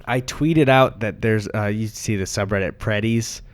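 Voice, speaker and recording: A man's voice: on the low side, moderate pace. A young man co-hosting a podcast in casual chat, rambling through stories with frequent laughs and swearing. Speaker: podcast co-host.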